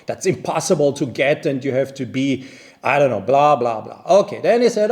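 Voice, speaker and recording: A man, a watch channel host, telling a story in casual English, animated and indignant, with many restarts. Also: mid-range voice, a little fast. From based in Vienna. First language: not English; speaks non-native English.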